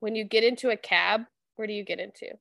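A woman in her thirties co-hosting a podcast, chatting casually and telling animated, profane stories. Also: mid-range voice, fast talker, gravelly, dry recording, studio quality. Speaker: podcast co-host. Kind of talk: casual chat.

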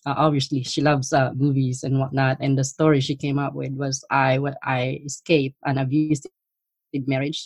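A middle-aged woman telling stories from her past in a casual chat, animated and laughing often. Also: a bass voice, no room sound. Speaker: guest. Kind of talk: casual storytelling.

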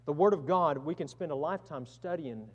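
A man preaching a sermon as pastor, earnest, swinging from loud emphasis to hushed tones. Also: a little high, fairly quick, big-room sound.

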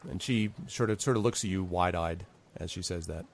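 A man's voice: sits low, fairly quick, vocal fry, no echo. A man narrating a tabletop game as game master, rambling and hesitant, full of fillers.

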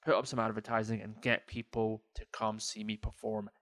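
A man's voice: lowish voice, flat delivery, moderate pace, a bit bright, dry recording. A man who is a stand-up comedian and hosts a podcast, chatting alone in a rambling, self-deprecating way with many fillers. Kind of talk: casual solo podcast monologue. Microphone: podcast mic.

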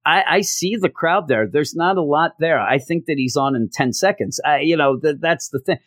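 A man's voice: on the high side, moderate pace, hardly any pauses, fairly bright tone, dry recording, studio quality. A man hosting a podcast, reviewing comic books in a casual, sarcastic way and acting out scenes in mock voices. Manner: sarcastic and exasperated. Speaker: podcast host.

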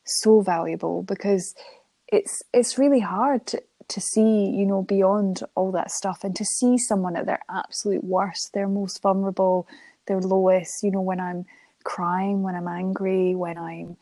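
A young woman, a guest in an interview, chatting warmly about her life and laughing often as she tells a story. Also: mid-range voice, steady tone, a little slow, no room sound. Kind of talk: emotional interview conversation.

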